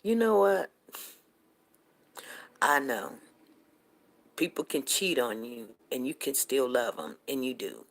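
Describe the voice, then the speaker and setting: A woman's voice: rumbling low, sing-song, slow pace, creaky, long pauses. A middle-aged woman, telling a neighborhood story casually to live viewers and greeting them by name. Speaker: livestream host.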